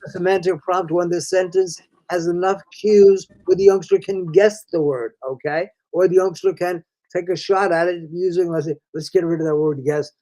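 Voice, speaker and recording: A man's voice: sits high, fairly even intonation, moderate pace, few pauses, mellow, rough recording. An older man, a reading specialist, explaining in a folksy conversational way, calling the listener "friend" and restarting his sentences often.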